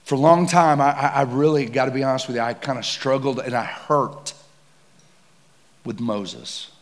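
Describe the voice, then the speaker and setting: A man preaching a casual, slangy sermon that builds to shouts. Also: medium pitch, steady tone, moderate pace. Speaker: pastor.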